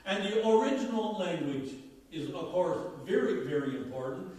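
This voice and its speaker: A man's voice: sits high, expressive, moderate pace, a little mellow. A man from Newfoundland with a Newfoundland accent, preaching a folksy, conversational sermon and asking the congregation questions. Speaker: pastor. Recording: echoey church hall, mic far off.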